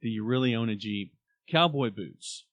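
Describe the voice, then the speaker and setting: A man's voice: medium pitch, animated, moderate pace, fairly bright tone. Boisterous joking man. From Oklahoma. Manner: boisterous, joking, slips into comic voices. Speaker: podcast co-host. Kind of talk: casual chat.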